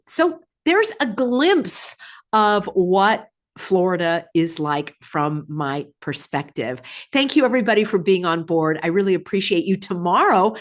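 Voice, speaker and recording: A middle-aged woman from California talking casually to her viewers, with sudden high, emphatic bursts. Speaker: vlogger. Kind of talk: casual talk to camera.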